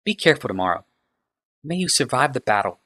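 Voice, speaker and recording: A man reading a novel aloud, voicing a sharp-tongued, uneasy woman who is quick to snap. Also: medium pitch, big pitch swings, voice pushed up. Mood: solemn.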